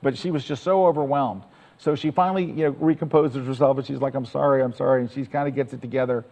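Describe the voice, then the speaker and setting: A man's voice: medium pitch, fast talker, darkish tone, long reverb tail, rough recording. A man giving a chatty, enthusiastic storytelling talk to an audience as presenter.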